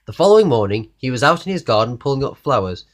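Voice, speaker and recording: A man reading a children's storybook aloud in an expressive way, asking the listener questions along the way. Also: medium pitch, fast, a little hiss or hum. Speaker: narrator reading a children's book.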